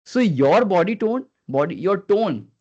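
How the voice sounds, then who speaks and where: A man leading a live online training session as a communication skills trainer, earnest and coaxing, who keeps prompting his listeners and swings his pitch up and down on purpose. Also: sing-song, unhurried, a little mellow. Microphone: video call. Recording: dull lo-fi video call audio.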